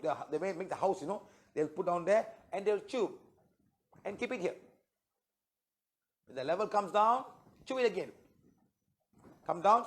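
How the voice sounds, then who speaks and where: A man teaching a healing workshop, lecturing an audience and checking in with "okay?" as he retells clients' words. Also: high-pitched. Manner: retells clients' words in short quoted exchanges.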